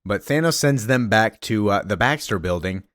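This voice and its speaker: A man's voice: fairly low pitch, lively intonation, normal speed, fairly bright tone, dry recording. Chatty guy recapping comics, lots of uh's, wry, dry close mic. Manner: chatty, filler-heavy, wry asides.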